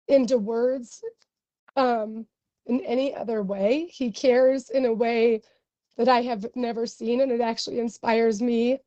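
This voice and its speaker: Earnest young woman testifying, pausing often. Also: a little high, dark tone, dry recording, lo-fi sound. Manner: earnest, emotional, many pauses and ums. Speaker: doctor testifying as a witness. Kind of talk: testimony at a hearing.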